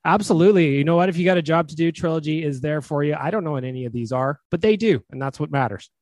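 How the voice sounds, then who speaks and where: Brash young Canadian podcast host, slightly high, dry close mic. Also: male voice, quick pace, a little mellow, no echo. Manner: brash, blunt, swears freely. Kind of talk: casual sports podcast talk with ad reads.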